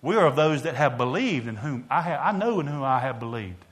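A preacher delivering a sermon, swelling loud and dropping quiet, calling out to the congregation. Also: male voice, mid-range voice, animated, a little fast.

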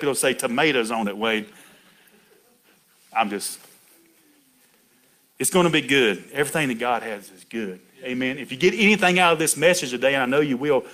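A man's voice: fairly high pitch, fairly bright tone. A middle-aged man preaching a folksy sermon, chatty and laughing, calling out to people in the pews by name.

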